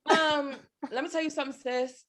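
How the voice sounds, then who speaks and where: A woman's voice: sits high, fairly even intonation, moderate pace, fairly bright tone. A woman co-hosting a faith podcast, talking casually with sassy, playful slang. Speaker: podcast co-host.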